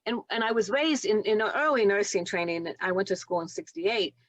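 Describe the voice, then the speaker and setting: A woman in her seventies, a retired nurse telling heartfelt stories in an interview, earnest and gentle. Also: medium pitch, animated, normal speed, no room sound. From United States. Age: 70s. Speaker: guest, retired nurse and author. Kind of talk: reflective storytelling interview.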